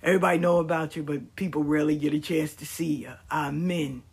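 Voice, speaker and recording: A woman telling frank stories in a candid monologue, blunt and profane, with emphatic delivery and quick mimicry of other people. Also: low-pitched, fairly even intonation, a little mellow, slightly rough. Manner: mimics people in quoted asides.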